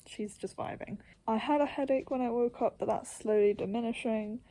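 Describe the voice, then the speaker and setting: A young woman with a fairly high voice talks casually to camera. She rambles and makes fun of herself, laughs a lot, and often drops to a soft half-whisper. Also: normal speed, a little hiss or hum. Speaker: vlogger.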